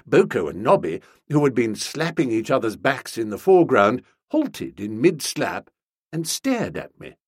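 A man giving an expressive, comic audiobook narration. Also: mid-range voice, measured pace, breathy edge, dry recording, studio quality. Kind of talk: scripted narration.

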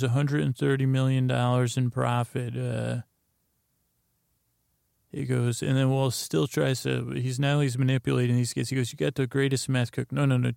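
A man casually recapping a TV episode, rambling and halting with many fillers and restarts. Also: medium pitch, creaky, a little mellow, dry recording, clean studio sound. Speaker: podcast host.

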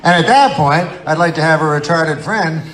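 A man's voice: on the high side, moderate pace, heavy background noise. A man doing stand-up comedy, telling rambling, profane stories in a loose conversational way. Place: live comedy venue with audience. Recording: live stand-up with crowd laughter. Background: audience laughter.

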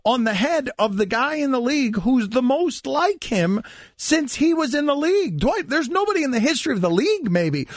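A man hosting sports talk radio, an animated storyteller who acts out quoted lines. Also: extremely high pitch, normal speed, no echo, clean studio sound.

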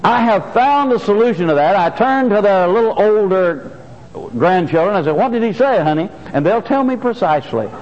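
A man's voice: sits high, lively intonation, moderate pace, darkish tone, long reverb tail, muffled recording. An older man preaching a sermon, earnestly repeating key phrases for emphasis. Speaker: pastor. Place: church sanctuary.

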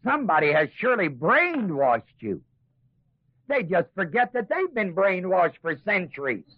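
In a sermon-style Bible class, a high-voiced man with big pitch swings speaks at a moderate pace. He acts out the voices of doubters in asides, then presses his points with rising emphasis. The recording is tinny, lo-fi old tape, dry with no room sound.

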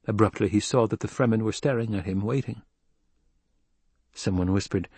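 A man reading a novel aloud as an audiobook narrator, in an even, measured way. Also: fairly low pitch, breathy edge, no room sound. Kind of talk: scripted narration.

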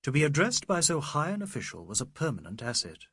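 A man narrating a literary novel in a measured, scripted reading. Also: on the high side, big pitch swings, a bit bright, slightly rough, dry recording, studio quality. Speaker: audiobook narrator.

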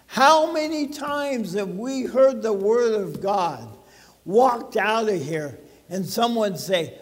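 A man's voice: high voice, animated, slow, in a large hall. A man pastor preaching a sermon to his congregation in a conversational way, putting questions to the listeners. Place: church sanctuary.

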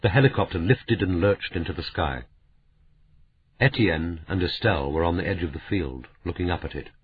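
A man reading a novel aloud in measured, somber scripted narration. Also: deep voice, slight background noise. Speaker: audiobook narrator. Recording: narrow, phone-like audiobook sound.

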